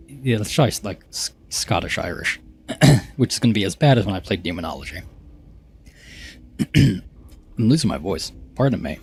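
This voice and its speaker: A man's voice: fairly low pitch, animated, normal speed, pauses often, slight background noise. A man chatting casually while live-streaming a game, rambling and joking about himself with small stumbles.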